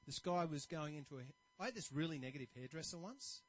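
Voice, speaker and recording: A man preaching a sermon, telling stories and admitting his own faults in an animated manner. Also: on the high side, fast, hardly any pauses, poor audio. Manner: animated, storytelling, self-deprecating. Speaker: pastor.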